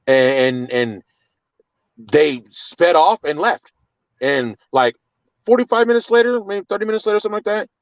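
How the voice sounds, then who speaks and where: A man's voice: a little high, fairly bright tone, dry recording, highs cut off. A man with children telling an agitated, cursing story of his arrest, often repeating words. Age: adult with children. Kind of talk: casual storytelling.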